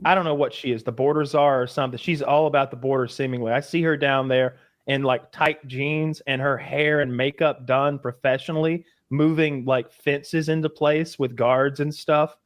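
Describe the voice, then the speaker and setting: A man in the middle of a loose podcast chat, his voice sitting at an ordinary pitch. He rambles and restarts his sentences as he talks his thoughts through. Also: fairly even intonation, normal speed, few pauses. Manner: rambling, lots of false starts. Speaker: podcast host. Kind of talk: casual chat.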